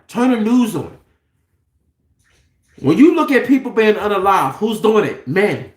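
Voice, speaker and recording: A man's voice: high voice, a bit bright. Fired-up guy going off on camera, lots of cussing and questions at you, room's kinda echoey. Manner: heated, profane, preachy rhetorical questions. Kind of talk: impassioned monologue to camera.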